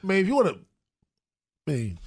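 A man with a gravelly, husky voice co-hosts morning radio. His pitch is fairly high and swings a lot. He gives wry reactions and reads promos. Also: huge pitch swings, normal speed. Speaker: radio show co-host. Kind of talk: casual morning radio banter.

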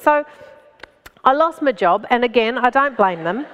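A woman with an Australian accent, a stand-up comedian telling a story as a guest in an animated way and laughing between phrases. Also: high voice, normal speed, big-room sound. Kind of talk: anecdotal storytelling in conversation.

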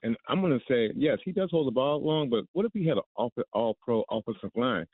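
A man's voice: medium pitch, lively intonation, fairly quick, husky, narrow, tinny audio. A man on a sports talk show, casual and exasperated, often repeating his words as he argues.

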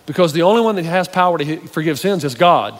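A man's voice: on the high side, fast. A male pastor preaching a sermon to a live audience, telling stories and speaking to the crowd directly. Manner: storytelling preacher, animated, addresses the audience directly. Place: church hall with a live audience. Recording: reverberant hall, faint ambience.

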